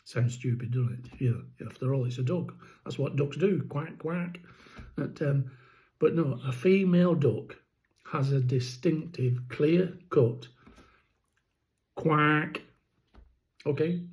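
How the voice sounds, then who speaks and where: In a rambling vlog about keeping poultry, a man with a throaty rattle takes his time, stumbling through ums and restarts. His voice is medium-pitched and warm, though the recording is rough.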